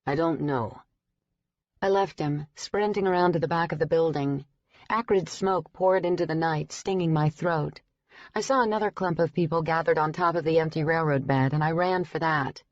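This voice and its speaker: A woman narrating an urban fantasy audiobook in the first person, in a brisk storytelling manner. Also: sits low, no room sound, lo-fi sound. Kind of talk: scripted narration.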